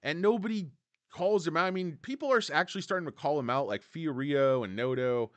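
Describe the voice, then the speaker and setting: A man's voice: fairly high pitch, brisk, no echo, muffled recording. A man hosting a casual stock livestream, ranting sarcastically about analysts and reading chat names. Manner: animated, sarcastic, mocks analysts with put-on voices. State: tired. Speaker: stock commentary livestream host.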